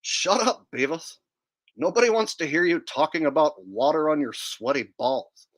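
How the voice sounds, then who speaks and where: A man doing an impression of a dumb, smug teen cartoon boy, sneering and bossy in a low drawl. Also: big pitch swings, moderate pace, a bit bright. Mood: threatening.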